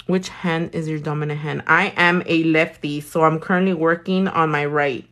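A woman's voice: sits low, fairly even intonation, moderate pace, a bit bright. A woman doing nails while talking casually to a live audience, blunt and profane, full of slang. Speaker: nail artist.

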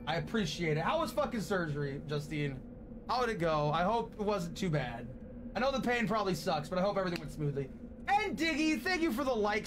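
Over game music and background noise, a young man with a high-sitting voice chats with his stream viewers. He gets tearful and grateful, swearing plenty along the way.

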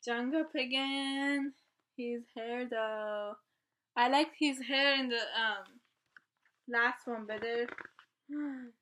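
A woman vlogging an album unboxing, gasping and gushing with excitement as she talks her way through it. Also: fairly high pitch, takes it slowly, long pauses. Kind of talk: casual unboxing chat.

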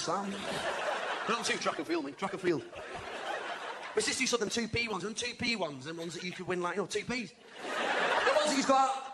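A man's voice: high-pitched, heavy background noise. A man in his forties with a Northern English accent, doing live stand-up, chatty and mimicking people, laughing along. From England. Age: 40s. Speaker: stand-up comedian. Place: large arena stage. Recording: echoey arena, roaring crowd.

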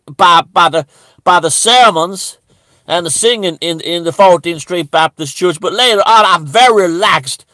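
A man's voice: high voice, moderate pace, bright, forceful tone, no echo. A man doing a stammering, bigoted churchgoer. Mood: rambling. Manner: stammering, with constant restarts and repeated words. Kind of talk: satirical character monologue.

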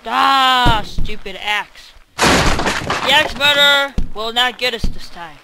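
A teenage boy giving let's-play commentary, groaning and shouting in frustration at the game. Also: very high-pitched, gravelly, very noisy. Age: teens. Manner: exasperated, quick to groan and yell at the game. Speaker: gamer.

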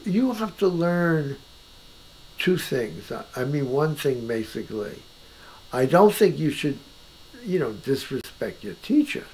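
An older man, a painter, talking at home about art in an animated and emphatic way, often restarting his sentences. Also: a little high, a little hiss or hum, poor audio. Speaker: painter being interviewed. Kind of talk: casual conversation. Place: his own house.

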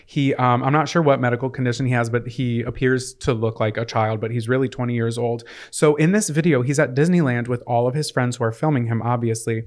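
A man co-hosting a podcast, telling stories in animated casual chat. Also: mid-range voice, a little fast, hardly any pauses. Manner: animated storytelling. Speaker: podcast co-host.

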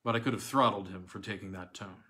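A man narrating a classic novella in the first person, with a measured, theatrical reading. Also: on the low side, bright, forceful tone. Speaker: audiobook reader.

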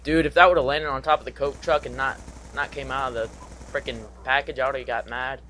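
A man's voice: medium pitch, fairly quick. Young guy doing live game commentary, hyped and goofy, mid voice, bit of faint hiss. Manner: excitable, goofy, trash-talking, singsong asides. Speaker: gaming commentator.

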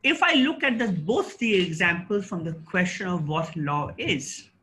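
Middle-aged male guest lecturer, bright forceful voice, rhetorical and emphatic, slightly raised pitch; faint hiss behind. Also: animated, poor audio. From India. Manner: emphatic, rhetorical, pauses and restarts. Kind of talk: formal lecture.

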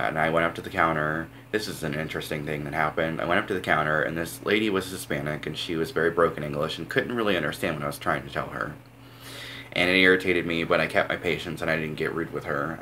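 A young man with a very low voice tells a long personal story straight to camera. He wanders and restarts, leaning on "like" and "um", with a faint hum of room noise underneath. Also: pushed and bright. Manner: rambling, filler-heavy, says "like" a lot. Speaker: vlogger. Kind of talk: casual storytelling vlog.

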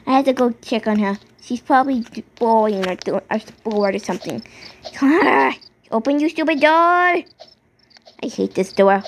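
A woman's voice: a little high, lively intonation, normal speed, poor audio. A woman chatting and rambling as she narrates a game role-play.

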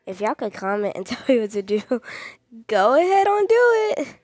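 A woman's voice: medium pitch, sing-song, moderate pace, darkish tone, no echo, studio quality. A young woman hosting a gaming channel, easily scared, who repeats her phrases and talks straight to her viewers. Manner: repeats short phrases over and over. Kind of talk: excited gameplay commentary.

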